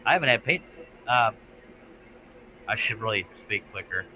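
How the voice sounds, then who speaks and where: A man's voice: fairly low pitch, expressive, normal speed, over music, rough recording. A man hosting a casual late-night live stream, folksy in his talk. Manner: folksy, says "by God" and "Amen".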